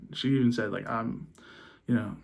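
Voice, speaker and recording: Young man, vlogger, personal story, quiet halting delivery, emotional, restarts sentences. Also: medium pitch, steady tone, vocal fry. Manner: subdued and halting, with many restarts.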